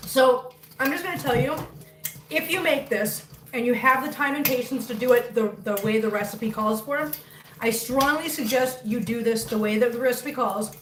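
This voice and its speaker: A woman's voice: on the high side, normal speed. Chatty woman in an echoey kitchen. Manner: chatty, laughs often, coos baby talk at her cats. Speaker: live-stream host. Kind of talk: casual live-stream cooking chat. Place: home kitchen. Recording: echoey room, mic at a distance, faint noise.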